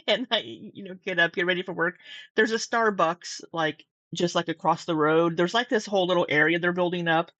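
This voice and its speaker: Chatty low-voiced woman vlogging. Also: a bit bright, dry recording. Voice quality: chatty, peppered with "like", frequent laughs. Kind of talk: casual storytelling vlog. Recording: dull lo-fi dry sound.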